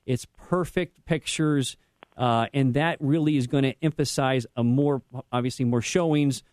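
A man's voice: medium pitch, unhurried, a little mellow, dry recording. A man speaking as a realtor guest on a radio show, giving advice in a rambling way with many restarts.

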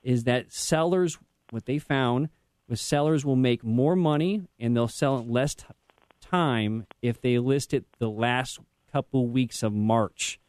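A man's voice: mid-range voice, a little slow, a little mellow, clear, resonant tone, no echo. A man speaking as a realtor guest on a radio show, giving advice in a rambling way with many restarts.

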